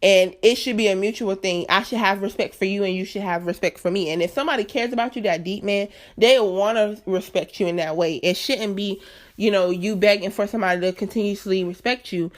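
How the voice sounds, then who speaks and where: A woman's voice: medium pitch, brisk. A woman in her late twenties hosting a solo podcast, talking candidly and earnestly straight to her listeners in a chatty, emphatic way. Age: late 20s. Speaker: podcast host.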